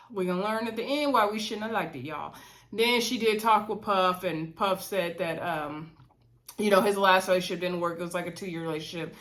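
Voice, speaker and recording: A woman casually recapping a dating show episode, chatty and animated, often calling her viewers y'all. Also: lowish voice, normal speed.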